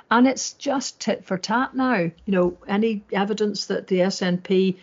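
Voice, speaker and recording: A woman's voice: medium pitch, moderate pace, hardly any pauses, breathy edge. A woman co-hosting a political discussion podcast in a chatty, wry way with many fillers. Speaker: podcast co-host. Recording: dull lo-fi sound.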